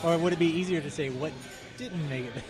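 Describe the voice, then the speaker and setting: A man co-hosting a casual podcast, relaxed and asking questions, swearing now and then, recorded in the corner of a bar. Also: on the high side, fairly quick, music in the background. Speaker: podcast co-host. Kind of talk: casual chat. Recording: busy bar crowd behind. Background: bar crowd chatter.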